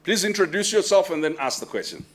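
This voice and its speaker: A man chairing an audience Q&A at a book launch, brisk and bantering, pushing people to keep it short. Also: high voice, expressive, fairly bright tone. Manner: brisk, bantering, urging brevity. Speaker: moderator of audience questions. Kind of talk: chairing a Q&A session. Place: lecture hall with an audience.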